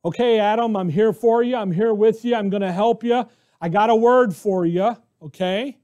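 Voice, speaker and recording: A man's voice: sits high, normal speed, mellow, lo-fi sound, lightly acted. A man preaching takes the voice of God, speaking as a kind fatherly deity who urges and pleads with earnest encouragement. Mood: encouraging.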